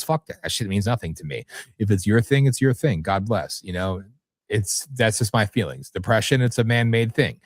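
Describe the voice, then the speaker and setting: A man's voice: fairly low pitch, fairly quick, no echo. A man hosting a live talk radio show, ranting bluntly with plenty of profanity. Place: radio studio.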